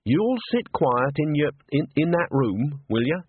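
A man voicing a shrewd old woman in an audiobook, speaking slowly and carefully in a coaxing way. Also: a little high, very animated, husky, no echo, voice pushed up, full character voice. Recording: dry, tinny phone-like audio.

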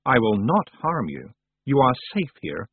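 A man reading the part of a calm, ancient male winter spirit who speaks slowly and grandly. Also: mid-range voice, slightly rough, no room sound, heavily acted. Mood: gentle. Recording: dry, tinny phone-like sound.

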